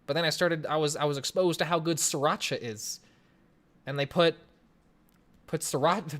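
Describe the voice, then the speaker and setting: Streamer in their 20s from Colorado, casual chat Q&A at a home webcam; chatty, jokey, lots of restarts, very bouncy pitch. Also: a bit bright. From Colorado, USA. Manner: rambling, joking, chatty with frequent restarts. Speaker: livestream host. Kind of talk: casual livestream Q&A reading chat aloud. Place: home room, in front of a webcam. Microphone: desk microphone on a stream setup.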